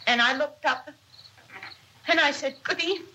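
A woman playing a dazed, frightened young woman who speaks in halting, broken phrases. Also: high-pitched, pushed and bright, slight background noise, low-quality recording. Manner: halting, faltering speech. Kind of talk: dramatic reading.

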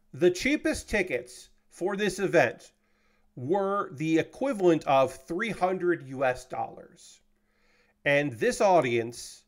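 A young man streaming as he builds a model kit, chatting casually and rambling with frequent fillers and casual swearing. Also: on the high side. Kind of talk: casual chat.

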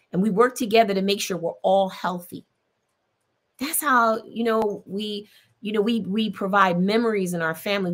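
An earnest woman talks directly to her listeners about their health. Her voice sits at an ordinary middle pitch, and she keeps circling back to urge them on with repeated phrases. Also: a bit bright. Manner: earnest, repetitive, speaks straight to listeners. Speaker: podcast host. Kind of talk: encouraging health talk.

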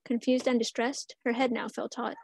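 A woman reads her own rhymed tale aloud in measured verse. Her voice is high, and the recording is close and dry. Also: little pitch movement, creaky, darkish tone, no echo. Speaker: student reader.

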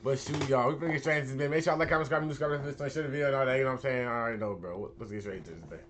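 A young man hosting a reaction video, talking in casual slang with loud, excitable outbursts and frequent swearing. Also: mid-range voice, racing, slight background noise.

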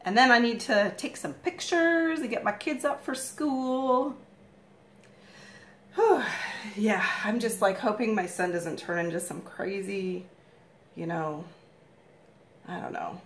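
A woman in her thirties doing a casual live makeup tutorial at home, chatty and rambling, with a morning voice and frequent throat-clearing. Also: medium pitch, takes it slowly, long pauses, a bit bright, echoey room, a little hiss or hum. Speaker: makeup vlogger, live stream host.

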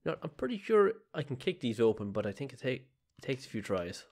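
A man's voice: mid-range voice, big pitch swings, brisk, darkish tone, slight background noise. A male gaming host talks through his horror game run from home. His commentary is casual and self-mocking, in a mid-range voice. The sound comes through a desk mic. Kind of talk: let's play commentary. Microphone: desk mic with webcam.

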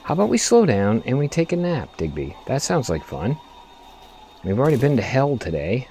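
Excitable, lively man with a dark voice. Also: mid-range voice, moderate pace. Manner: excitable, swears often, talks to the game. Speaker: gaming video host. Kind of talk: let's play commentary.

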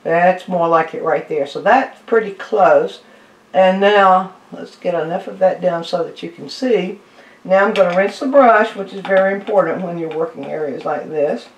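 A woman's voice: lowish voice, normal speed, recorded from a distance, a little hiss or hum. A woman art teacher giving a live painting demonstration, explaining each step unhurriedly as she mixes paint. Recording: echoey room, voice off-mic.

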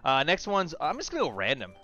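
A man casually chatting while streaming a kart racing game, excitable, swearing and shouting at the screen. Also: a little high, fast, dull audio. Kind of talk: casual live gaming chat.

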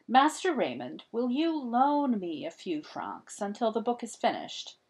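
A woman's voice: on the high side, huge pitch swings, a little slow, husky, pitched above the performer's own voice, full character voice. A woman reading as an anxious poor painter. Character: worried poor medieval painter father.

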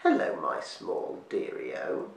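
A man voicing a vicious, twisted old witch woman in a storybook reading, with a raspy, half-whispered snarl. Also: sits low, huge pitch swings, slow, voice pushed down, exaggerated voice. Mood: menacing. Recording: echoey room, distant mic, faint hiss.

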